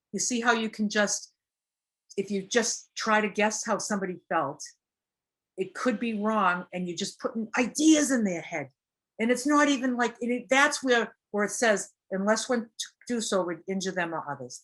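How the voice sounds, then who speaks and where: A woman's voice: medium pitch, moderate pace, a bit bright. A woman giving a casual teaching talk on recovery, earnest and plain, acting out little example quotes as she goes. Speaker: recovery speaker.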